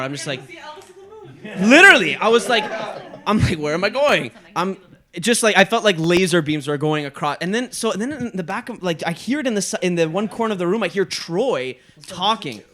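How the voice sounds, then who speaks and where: Lively high-voiced young man telling stories. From Canada. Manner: animated, swearing, laughing through stories. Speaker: podcast co-host. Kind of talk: casual storytelling chat.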